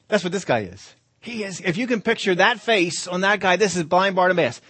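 A middle-aged man preaching a sermon in a lively storytelling way, often asking his listeners questions. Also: high-pitched, brisk, breathy edge.

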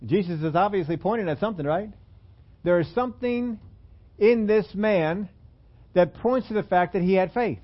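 A man's voice: high-pitched, moderate pace, dull audio. A man preaching a sermon in a church room, talking conversationally and putting questions to the congregation. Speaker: pastor.

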